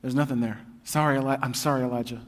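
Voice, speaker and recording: A man's voice: medium pitch, steady tone, quick pace, pitched below the performer's own voice, close to an everyday voice. A man voicing a hesitant, apologetic assistant breaking bad news during a sermon. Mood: sheepish. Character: sheepish male assistant delivering bad news.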